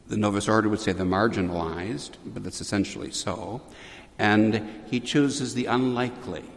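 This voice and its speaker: Slow, low-voiced preacher in echoing church. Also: male voice. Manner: slow, measured, with wry asides. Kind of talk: storytelling sermon.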